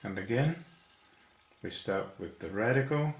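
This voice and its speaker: A man's voice: fairly low pitch, animated, unhurried. A man teaching how to write Chinese characters, counting each stroke aloud in a patient, step-by-step way. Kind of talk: slow stroke-by-stroke instruction. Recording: echoey room.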